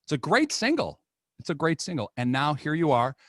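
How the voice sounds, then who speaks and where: A man's voice: fairly high pitch, very animated, fairly quick, fairly bright tone, no echo, clean studio sound. An American man hosting an interview over a video call, upbeat and playful in casual chat. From United States. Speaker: host.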